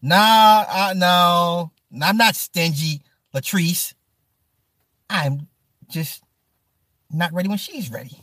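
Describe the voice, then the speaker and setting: A man hosting a livestream who chats casually with his viewers, animated and profane, laughing often and answering them by name. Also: high-pitched, takes it slowly, long pauses, dry recording, clean studio sound. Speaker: livestream host. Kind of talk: casual stream chat.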